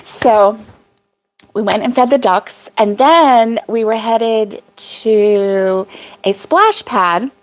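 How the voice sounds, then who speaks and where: An older woman hosts a casual crochet livestream, her voice sitting a little high. She talks slowly and loosely, wandering through stories with laughs and filler. She breaks off now and then to answer viewers by name. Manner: rambling, laughs often, reads viewer comments aloud. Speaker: crochet vlog host.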